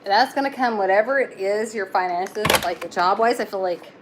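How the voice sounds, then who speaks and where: A young woman gives a casual live tarot reading, chatty and reassuring with lots of fillers. Her medium-pitched voice moves at a moderate pace in a very noisy recording.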